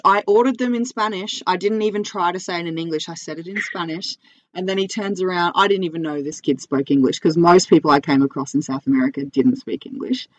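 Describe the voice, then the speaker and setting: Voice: mid-range voice, dull audio. An Australian podcast host chatting casually, laughing often and telling stories with energy. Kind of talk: casual chat.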